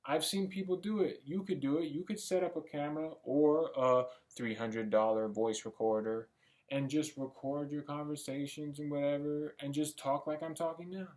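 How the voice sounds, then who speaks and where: A young man thinking out loud in a rambling motivational monologue, casual and sometimes swearing. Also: on the high side, steady tone, moderate pace. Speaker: vlogger. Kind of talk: motivational self-talk monologue.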